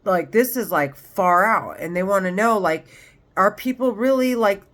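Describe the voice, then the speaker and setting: A woman's voice: medium pitch, normal speed, fairly bright tone. A woman talking straight to camera in a rambling, agitated monologue, swearing often. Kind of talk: monologue vlog.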